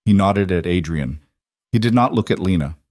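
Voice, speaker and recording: A man narrating a romance story in a calm, even, scripted storytelling manner. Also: low voice, moderate pace, dry recording, clean studio sound.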